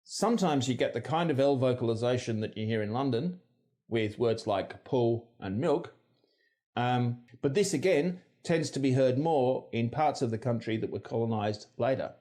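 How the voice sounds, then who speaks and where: Mellow-voiced American man narrating. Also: mid-range voice. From United States. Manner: explanatory, measured, demonstrates pronunciations. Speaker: narrator of an educational video. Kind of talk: scripted narration.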